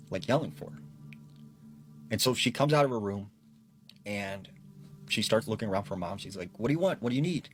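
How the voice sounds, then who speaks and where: A man casually narrating a scary story in a calm, low-key way. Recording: with faint background music.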